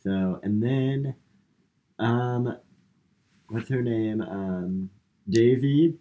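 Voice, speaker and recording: A man's voice: medium pitch, drawn-out words, narrow, tinny audio. A man co-hosting a podcast, casually retelling a movie plot with lots of fillers. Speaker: podcast co-host. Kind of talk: casual movie recap chat.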